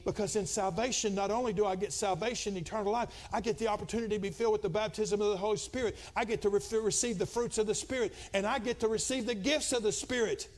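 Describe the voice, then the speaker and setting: A middle-aged man preaches a Pentecostal sermon in a notably high voice. He talks to the congregation in a relaxed, confiding way, then builds into loud, shouted, rhythmic preaching. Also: fast, hardly any pauses. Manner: swings from quiet and conversational to loud, shouted preaching. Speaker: pastor.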